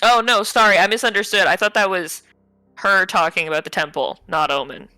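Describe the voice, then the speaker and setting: Bright-voiced laughing woman player. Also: medium pitch, brisk, clean tone, no echo. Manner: laughs often, chatty. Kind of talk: tabletop game play, casual chat.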